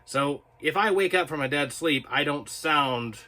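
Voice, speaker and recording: A man's voice: on the high side, measured pace, pushed and bright. A man hosting his own video channel, reading viewer comments and rambling in a casual, chatty, self-mocking way. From North Carolina, US. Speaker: video host.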